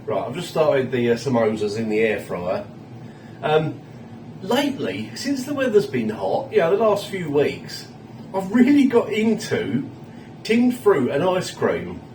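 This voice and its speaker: A man's voice: mid-range voice, sing-song, measured pace, darkish tone, far from the mic, slight background noise. Chatty man, roomy kitchen sound. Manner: chatty, self-mocking, chuckling asides. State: a little tipsy. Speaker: food reviewer. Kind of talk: casual food review vlog. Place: home kitchen.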